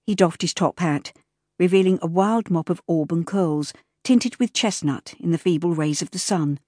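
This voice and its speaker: A woman narrating an audiobook in a measured, even storytelling manner, recorded close in a studio. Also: lowish voice, dry recording. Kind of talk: scripted narration. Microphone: close studio mic.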